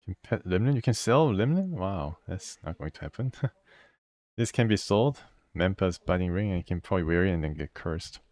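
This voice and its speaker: A man playing a video game, reading its text aloud and thinking out loud as he goes. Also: low voice, normal speed, dry recording. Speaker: gamer. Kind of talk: let's play commentary.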